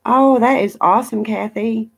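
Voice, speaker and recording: A middle-aged woman hosts a live stream from home, chatting casually, rambling through travel stories and reading viewer comments aloud. Her voice sits on the high side, creaky and slightly rough, at a normal speed.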